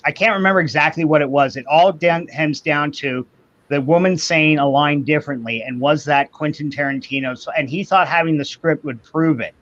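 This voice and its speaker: A man's voice: a little high, fairly bright tone. Opinionated man on dull lo-fi audio. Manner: opinionated, drawn-out phrasing, acts out quoted voices. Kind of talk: casual chat.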